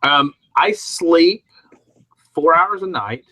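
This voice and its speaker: A man's voice: on the high side, expressive, takes it slowly, sharp tone, rough recording. A middle-aged man from Alabama, chatting on a podcast panel and telling rambling, self-mocking stories. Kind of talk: casual podcast chat.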